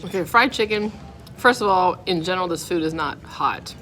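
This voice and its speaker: A woman's voice: lowish voice, lively intonation, normal speed, a bit bright. A woman food vlogger tasting dishes at a restaurant, talking candidly and scoring each one out of ten. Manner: chatty, candid, rates each dish out of ten. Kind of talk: casual food review. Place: restaurant dining room. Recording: restaurant background noise.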